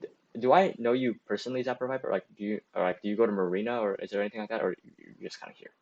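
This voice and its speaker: A young man in his late teens hosts a student livestream, casually giving advice and answering chat as he goes. He talks very fast in a low, slightly mellow voice, rambling with lots of "like," fillers, restarts, and self-corrections. The audio is dull and lo-fi, like a cheap streaming mic.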